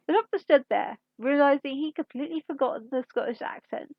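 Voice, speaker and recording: A woman reading a fan story aloud in an unhurried storytelling manner, with occasional slips. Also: sits high, vocal fry, no echo, highs cut off. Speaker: fanfiction reader.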